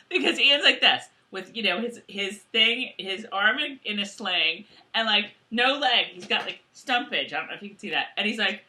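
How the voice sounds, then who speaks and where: A woman co-hosting a casual show recap, animated and laughing often. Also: medium pitch, normal speed. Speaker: podcast co-host.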